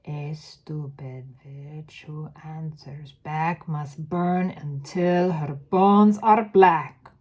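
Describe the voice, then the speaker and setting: Lady reading as a cruel witch queen, slow loud chanty rhymes, put-on accent, storybook read-aloud. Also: sits low, steady tone, exaggerated voice. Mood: furious chanting. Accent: put-on foreign accent. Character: menacing female witch ruler, cruel and theatrical.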